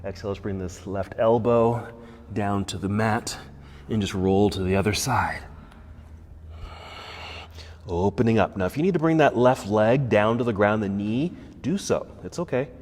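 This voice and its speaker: A man teaching a yoga class with calm, encouraging step-by-step cues. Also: on the low side, normal speed, long pauses. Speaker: yoga instructor. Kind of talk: guided yoga class instruction. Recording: echoey room with faint background noise.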